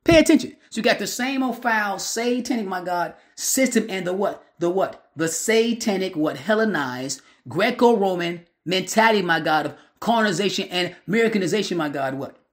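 A man with a notably high voice delivers a fiery street sermon. He talks in a slangy, emphatic way, circling back on the same interjections again and again. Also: animated, moderate pace, few pauses, fairly bright tone. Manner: emphatic, repetitive filler phrases, slangy. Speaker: street preacher. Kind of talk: preaching sermon.

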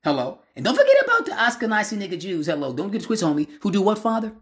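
A man's voice: sits high, huge pitch swings, racing, a bit bright. A man preaching a street-style sermon, emphatic and slangy, filling his lines with repeated interjections. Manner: emphatic, repetitive filler phrases, slangy.

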